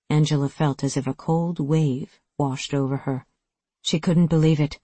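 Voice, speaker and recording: A narrator reading a sci-fi action novel aloud, in steady, dramatic storytelling. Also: medium pitch, normal speed, breathy edge, no room sound. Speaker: audiobook narrator. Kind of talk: scripted narration.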